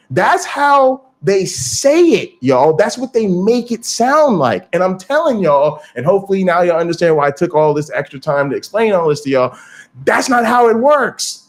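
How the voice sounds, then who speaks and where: A man hosting a casual livestream, talking straight to viewers in an animated, profane way. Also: high-pitched, normal speed. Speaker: streamer and channel host.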